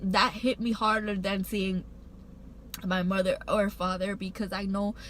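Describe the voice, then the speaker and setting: A woman's voice: mid-range voice, flat delivery, unhurried, a bit bright, slight background noise, low-quality recording. A woman vlogger telling a heartfelt personal story, rambling with many fillers and restarts, emotional and choked up at times. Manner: emotional, getting choked up while recounting.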